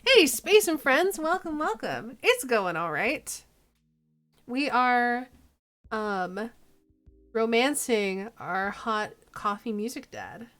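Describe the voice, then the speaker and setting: A playful woman streamer chatting with her viewers, laughing easily. Her voice sits fairly high, with faint music playing behind her. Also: sing-song, takes it slowly, fairly bright tone. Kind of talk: casual game-stream chat.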